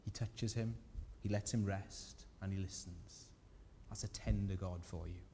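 A man gives an earnest, gentle sermon in a mellow, mid-pitched voice. His words ring out in a large church hall with long reverb, and a faint low rumble sits underneath. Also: fairly even intonation, a little slow. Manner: earnest, gentle preaching with rising emphasis. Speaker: pastor.

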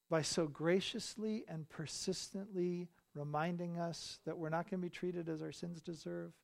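A male pastor delivering a sermon in a church, building to loud, emphatic repeated phrases. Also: a little high, gravelly. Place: church sanctuary.

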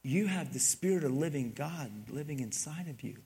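A male pastor with a slightly higher-than-average voice preaching a sermon. He rambles through a story, dropping to quiet asides and then rising loud and excited as he acts out scenes. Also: moderate pace. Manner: rambling storytelling, swings from soft to loud when retelling scenes.

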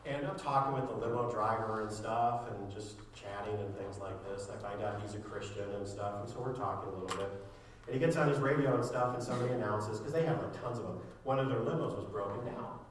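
A male pastor preaching a sermon, animated while telling a story and soft and earnest when he makes his appeal. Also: lowish voice, a little fast. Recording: echoey room mic from a distance with background noise.

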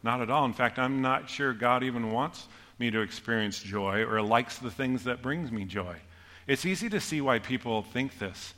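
A middle-aged man preaching a sermon, telling stories in a lively, joking way. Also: mid-range voice, normal speed. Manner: storytelling, animated, self-deprecating humor. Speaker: pastor. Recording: long hall reverb.

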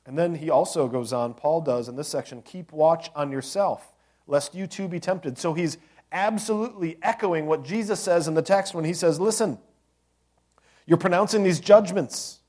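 A man's voice: fairly high pitch, normal speed, darkish tone. A man preaching a sermon as a pastor, conversational, with joking asides and rhetorical questions to the congregation.

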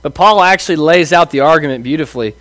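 A man's voice: on the high side, fast, fairly bright tone, no room sound. A man in his thirties preaching a conversational sermon, asking rhetorical questions and acting out voices. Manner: casual, asks rhetorical questions, acts out quoted voices. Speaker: pastor.

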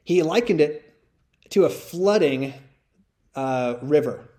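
A man's voice: on the high side, warm tone. A man teaching through a Bible passage to a live audience, talking conversationally and often checking in with "right?" and "all right?".

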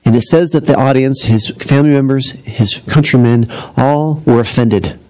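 A middle-aged man preaching a sermon as pastor, in a conversational, animated storytelling manner. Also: medium pitch, moderate pace, poor audio.

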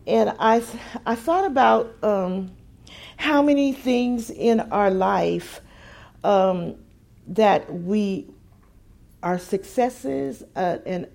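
A woman preaching a sermon, musing quietly at times and building to emphatic, repeated phrases at others. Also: medium pitch, very slow, gravelly.

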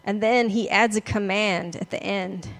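A woman's voice: medium pitch, steady tone, unhurried. Chatty woman pastor preaching casually. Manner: chatty, self-deprecating, laughs often. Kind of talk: casual conversational sermon.

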